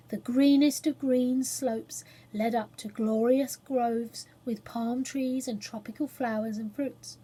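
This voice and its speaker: Breathy woman reading a storybook. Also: fairly high pitch, poor audio. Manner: gentle expressive read-aloud, softening to a hush in places.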